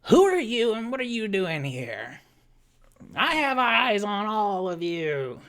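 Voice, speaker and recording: A woman voicing a huge, gruff, watchful half-orc woman who speaks in loud, threatening barks. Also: medium pitch, lively intonation, normal speed, pitched above the performer's own voice. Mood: suspicious.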